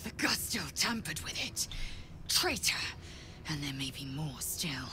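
A woman's voice: sits low, lively intonation, a little slow, background noise. An actress voicing a proud, fierce githyanki warrior woman in a video game, speaking in a harsh, commanding and defiant way. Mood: grim.

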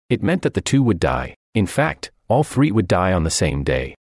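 A man's voice: deep voice, sing-song, moderate pace, hardly any pauses, no room sound. A man voicing a translated radio sermon, preaching earnestly and emphatically with repeated phrases, close to the mic.

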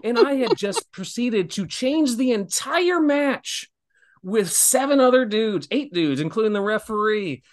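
Casually swapping stories as a wrestling guest, a man in his thirties laughs often and performs quotes in a lively way. He speaks at a measured pace in a high-pitched voice.

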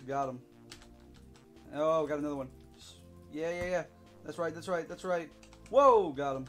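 A young man giving let's play commentary, excitable, whooping and shouting while he plays. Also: fairly high pitch, normal speed, long pauses, faint music behind. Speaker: gaming YouTuber.

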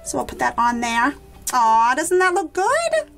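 A woman's voice: very high voice, animated, a little slow, fairly bright tone, soft background music. A woman hosting a toy unboxing vlog, gushing with enthusiasm and talking to her viewers as guys. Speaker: toy unboxing channel host.

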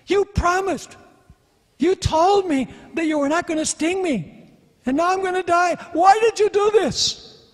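A man's voice: extremely high pitch, measured pace, voice pushed up. A man voicing a wary, frightened male frog in a sermon story, protesting and anguished. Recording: long hall reverb.

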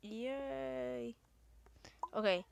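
A woman giving excitable let's-play commentary, often exclaiming and swearing at the game. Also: high-pitched, very slow, vocal fry, faint music behind. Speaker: gamer.

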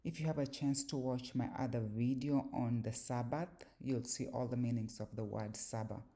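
A woman hosting her own channel, teaching word meanings in a slow, deliberate monologue. She spells sounds out syllable by syllable, repeats phrases and uses fillers like "um" and "like.". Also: a bass voice, fairly even intonation, warm tone.

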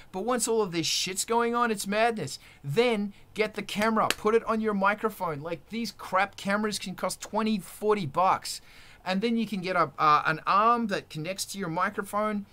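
A man with a high, bright and forceful voice, ranting on a live stream. He talks bluntly and swears constantly, fired up about making your own art. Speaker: musician hosting a live stream. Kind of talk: profane casual rant.

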